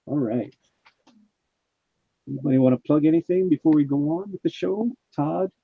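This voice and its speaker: A man's voice: a little high, normal speed, gravelly, husky. A man hosts a casual live stream and reads out viewers' chat messages in a chatty way. His mic sounds muffled and dull, with no room echo around the voice.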